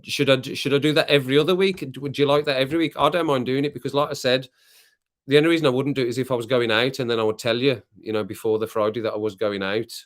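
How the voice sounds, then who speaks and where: A man's voice: medium pitch, steady tone, fast talker. A British man hosting a casual late-night live stream. He chats loosely with viewers while sipping rum, rambling, laughing often and coughing now and then. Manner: chatty, rambling, laughs often, reads comments aloud. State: drinking rum, occasional coughs.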